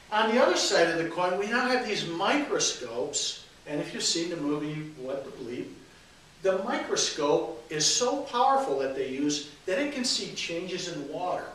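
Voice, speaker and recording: A man's voice: a little high, a bit bright. A man giving an informal sermon with jokes, rambling with many fillers and restarts, recorded from a distance in an echoey hall with faint hiss. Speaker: minister giving a talk. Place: church meeting hall.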